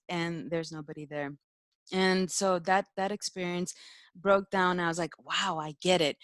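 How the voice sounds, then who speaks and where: A woman's voice: on the low side, no echo. A young woman, a spiritual teacher, telling a personal story in casual talk, emotional, laughing often and using many fillers.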